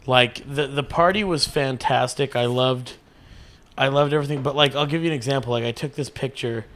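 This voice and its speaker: A man's voice: mid-range voice, a little fast. A man telling casual, profane stories on a podcast, rambling and acting out quotes with sudden bursts of energy. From small rural American town. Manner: rambling, heavy swearing, lively acted-out quotes.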